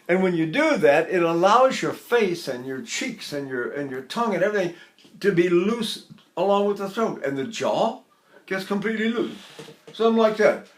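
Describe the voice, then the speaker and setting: A man's voice: high voice, sing-song, normal speed, roomy sound. An older man teaching a singing lesson, explaining technique and breaking into short sung exercises. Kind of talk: singing lesson with vocal demonstrations.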